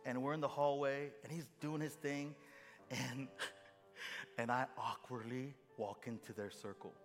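A man's voice: medium pitch, steady tone, unhurried. A middle-aged man preaching a sermon as a story, acting out dialogue with self-mocking humor. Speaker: pastor. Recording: long hall reverb, faint music.

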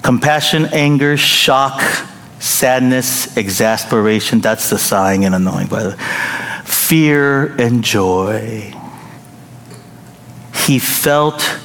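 A man's voice: mid-range voice, slow, fairly bright tone. A middle-aged male pastor preaching a sermon in a playful, joking way, chuckling often. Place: large church hall. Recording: reverberant hall with faint noise.

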